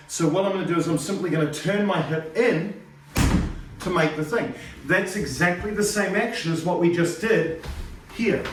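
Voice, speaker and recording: A karate instructor teaching an informal lesson at home, explaining technique and counting repetitions aloud in sharp calls. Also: male voice, sits high, slight background noise. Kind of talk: informal martial arts lesson. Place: home training room. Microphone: phone camera across the room. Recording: distant phone mic in an echoey room.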